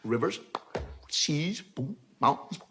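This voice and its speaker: A man's voice: a little high, very animated, takes it slowly, over loud music. A man doing a wry stand-up monologue, telling jokes with a storytelling, swooping delivery. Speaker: comedian.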